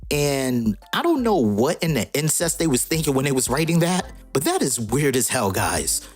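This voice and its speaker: A man recapping a comic book story in a casual, slangy way with joking asides. His voice is husky and mid-pitched, with faint music in the background. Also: sing-song, normal speed.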